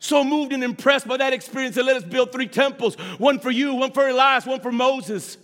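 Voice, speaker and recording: A pastor with a high, sharp voice preaches to his church. He drops to near-whispers and slows down, then bursts into shouted lines. He keeps calling out to the congregation. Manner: preaching with sudden shouts and slow hushed stretches; addresses the congregation directly. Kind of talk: sermon.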